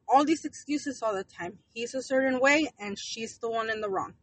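A woman's voice: a little high, moderate pace, fairly bright tone, poor audio. A woman in her early thirties co-hosting a podcast, talking bluntly, swearing and mixing English with Spanish. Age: 30s. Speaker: podcast co-host. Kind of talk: casual podcast chat.

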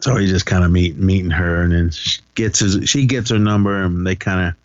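A man's voice: low-pitched, steady tone, a little fast, no room sound, lo-fi sound. A man co-hosting a podcast, recapping a film in casual chat and acting out lines in a raised voice. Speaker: podcast co-host.

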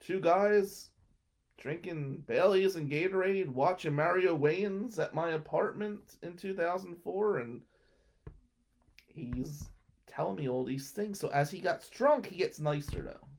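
A man's voice: sits high, a little slow. A young man telling a rambling personal anecdote and laughing between lines. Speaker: storyteller. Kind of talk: casual anecdote.

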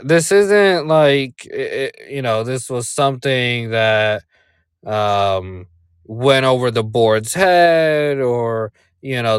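A man's voice: medium pitch, clear, resonant tone, dry recording, studio quality. A man giving casual commentary on a remote call as podcast co-host, rambling with many fillers and rhetorical "right?" checks.

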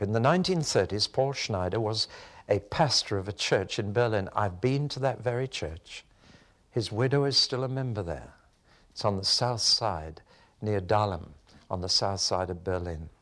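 An older male preacher with a lowish voice delivers a sermon. He speaks earnestly, pushing up in pitch for emphasis and sinking to near-whispers on grave points. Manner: earnest storytelling with emphatic rises and hushed drops.

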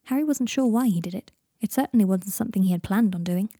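A woman reading a fan story aloud, softly, often slipping into a whisper. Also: mid-range voice, quick pace, husky, no echo, clean studio sound. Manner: soft voice, dropping into whispers for narration tags. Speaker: fan fiction reader. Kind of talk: audiobook narration.

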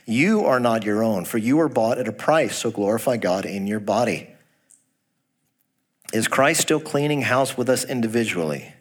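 A man's voice: on the low side, animated, normal speed. A male pastor preaching a sermon, asking the congregation direct questions, reading scripture aloud and making folksy jokes. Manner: folksy, jokes about a Texas accent.

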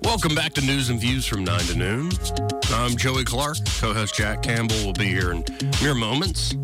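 A man's voice: mid-range voice, animated, moderate pace, over loud music. A man hosting a political talk radio show, sarcastic and conversational.

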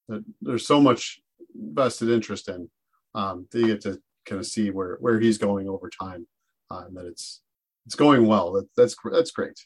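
Earnest low-voiced male teacher. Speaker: teacher podcast co-host. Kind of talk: casual educational discussion.

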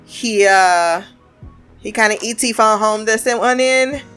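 A woman's voice: on the high side, slow, fairly bright tone, soft background music. Sarcastic woman reviewing a TV show. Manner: sarcastic, blunt, swears freely. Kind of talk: casual review commentary.

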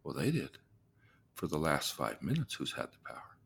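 A man, a therapist, telling a case story, acting out the voices of the people in it and moving between soft, low asides and loud, excited bursts. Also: normal speed, vocal fry, slight background noise. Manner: vivid storyteller, acts out the people in his stories.

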